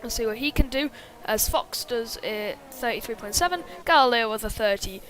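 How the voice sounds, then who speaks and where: Female sim-racing commentator, somewhat high-pitched, casual and filler-heavy. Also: expressive, moderate pace, noisy background. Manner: chatty, many fillers, reads chat. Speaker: race commentator.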